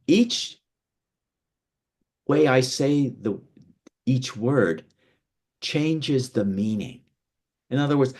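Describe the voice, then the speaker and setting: A man from North America gives a lesson on presentation skills. His pitch swings widely as he demonstrates emphasis and keeps restarting phrases in an animated, teacherly way. He is seated indoors while he talks. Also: extremely slow, pauses often. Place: seated indoors, away from a window.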